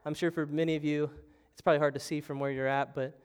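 Lively young-sounding pastor preaching. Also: male voice, a little high, quick pace, clear, resonant tone. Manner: animated storytelling preacher, acts out panicked voices. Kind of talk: sermon. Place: church sanctuary.

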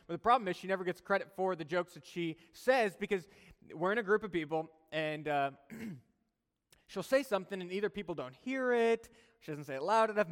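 Male preacher, higher register, casual conversational sermon delivery, long hall reverb. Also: a bit bright. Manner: conversational, chuckling asides.

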